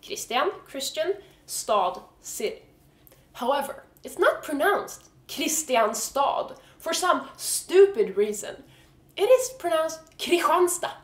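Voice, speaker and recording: A woman's voice: high voice, sing-song, slow pace, echoey room. A woman with a Swedish accent, a native Swedish speaker, explaining pronunciation in a casual video lesson with frank, swearing, exasperated humor. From Sweden. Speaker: vlogger teaching Swedish pronunciation.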